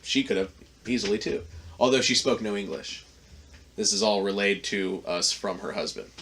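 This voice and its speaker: A man's voice: on the low side, normal speed, gravelly, a bit bright, slight background noise. A man hosting a podcast, telling a long story in a casual, profane, rambling way with lots of fillers. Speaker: podcast host.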